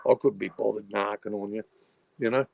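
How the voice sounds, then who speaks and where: A man's voice: fairly low pitch, steady tone, a little fast, gravelly, a little mellow. A middle-aged Australian man hosting a livestream, rambling and swearing heavily, with lots of "you know" filler. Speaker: livestreaming channel host. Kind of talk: rambling casual livestream chat.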